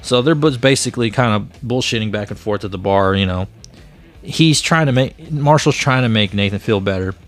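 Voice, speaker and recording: A man's voice: lowish voice, brisk, faint music behind. A man hosting a comic book review show, casually retelling a story in a loose, rambling way.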